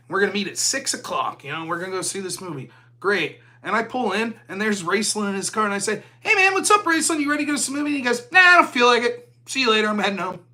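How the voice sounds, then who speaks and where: A middle-aged American man holding a casual solo talk, his voice swinging widely in pitch as he acts out both sides of a conversation. His tone is bright and forward, and he curses freely as he goes. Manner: animated storytelling, acts out dialogue, swears freely. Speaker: podcast host. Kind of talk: casual monologue.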